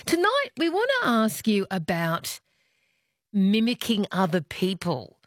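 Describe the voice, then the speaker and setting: An Australian woman hosting an evening radio interview, asking questions in a lively, expressive way. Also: medium pitch, measured pace, no echo, studio quality. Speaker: radio host. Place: radio studio.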